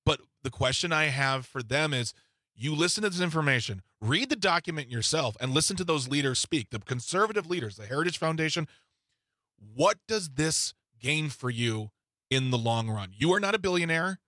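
A man's voice: a little high, expressive, moderate pace, sharp tone, no room sound. A man co-hosting a political talk show, posing earnest, pointed questions.

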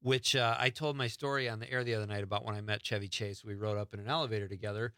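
Bright-voiced radio host, dry studio sound. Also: male voice, lowish voice, fairly even intonation, rapid-fire, no echo. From Wisconsin. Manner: chatty, rambling name-dropping. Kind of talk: casual radio chat.

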